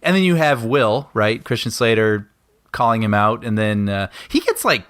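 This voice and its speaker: A man's voice: lowish voice, moderate pace, no echo. A man co-hosting a movie commentary, with a voice that swings up and down a lot as he talks. He chats easily and laughs often, and the sound is close and dry. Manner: lively, laughs often, conversational. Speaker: podcast co-host. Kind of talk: casual film commentary chat.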